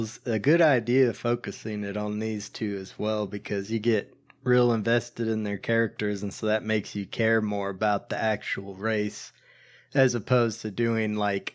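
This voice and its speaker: Easygoing man with slow, unhurried speech. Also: fairly low pitch. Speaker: podcast co-host. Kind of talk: casual movie review chat.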